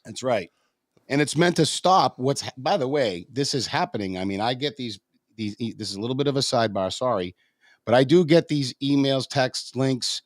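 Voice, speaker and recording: Man talking slowly in a dry studio. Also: medium pitch, expressive, no room sound. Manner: measured, digressive, with frequent fillers. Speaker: co-host of a local politics livestream. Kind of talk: casual political chat. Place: radio studio.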